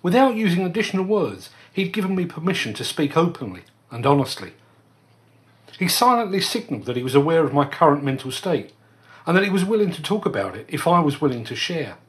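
Male podcast host, earnest scripted monologue, lively pitch, slightly high voice. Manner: earnest, measured storytelling.

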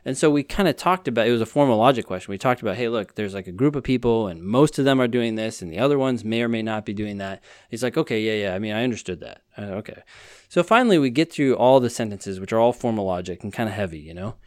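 A man with a mid-pitched voice relates a tutoring session on a podcast, quoting both himself and the student. The sound is dry and close. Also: lively intonation, fast, no room sound. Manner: storytelling, acting out both sides of the dialogue. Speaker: podcast co-host and test-prep tutor. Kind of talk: casual podcast conversation, telling an anecdote.

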